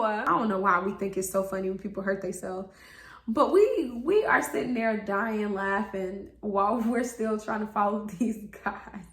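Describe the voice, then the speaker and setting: Brief: young woman storyteller, fairly high voice, animated and profane, roomy echoey sound. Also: a little slow. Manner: animated, swears freely, acts out quotes. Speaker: storytime vlogger. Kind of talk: casual storytelling to camera. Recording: roomy echo.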